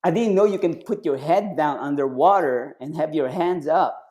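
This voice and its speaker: A man with a slightly high-pitched voice chats as a podcast guest. He tells stories in a loose, animated way, full of restarts, and keeps jumping up in pitch to act out what others said. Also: normal speed. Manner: animated, acts out quoted voices with jumps in pitch; loose phrasing with frequent restarts and fillers. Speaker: podcast guest, retired Navy SEAL and triathlete. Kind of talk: casual storytelling in conversation.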